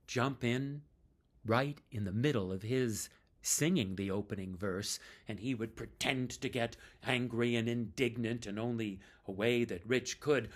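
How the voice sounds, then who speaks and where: Slow, lively-voiced male storyteller. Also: on the low side, slightly rough. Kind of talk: told tribute story.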